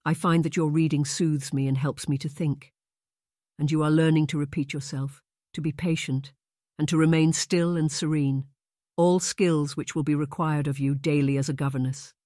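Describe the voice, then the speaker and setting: A man doing a young nobleman in an audiobook who speaks slowly, softly and low. He is gentle but quietly insistent. The sound is dry and close. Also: steady tone, no echo, lightly acted. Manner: slow, soft, low-spoken. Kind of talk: audiobook character voice.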